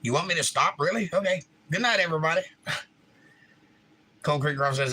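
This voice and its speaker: Guy doing a chill livestream, reading chat out loud and goofing around, kinda bright edgy voice, pitched a bit high. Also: moderate pace, long pauses, breathy edge, poor audio. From Florida. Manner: jokey, reads chat aloud with goofy voices. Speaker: livestream host. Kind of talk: casual chat reading viewer comments.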